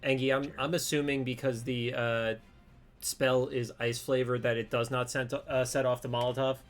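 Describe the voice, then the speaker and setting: A man with a mid-range voice chats at a tabletop game. His remarks are wry and teasing. Quiet music plays in the background. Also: mid-range voice, flat delivery, normal speed. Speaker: player. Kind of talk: tabletop game play chat.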